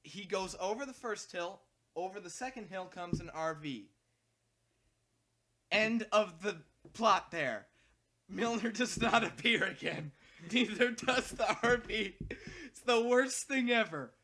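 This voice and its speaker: A high-voiced man chatting on a podcast. He is excitable and jokey, often breaking into laughter as he goes. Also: unhurried. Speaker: podcast co-host. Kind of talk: casual chat.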